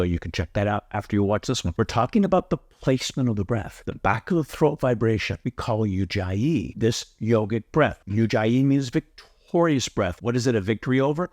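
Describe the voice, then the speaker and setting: A man's voice: mid-range voice, darkish tone, no room sound. Earnest male yoga teacher, dry close sound. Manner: earnest, emphatic, repeats key phrases. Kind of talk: instructional tutorial.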